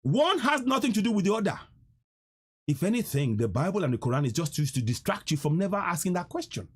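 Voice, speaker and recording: Husky Nigerian man preaching on a livestream. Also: sits high, sing-song, fast talker. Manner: preachy, repeats lines, mixes Pidgin and English. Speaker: livestream host. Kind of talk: political livestream talk.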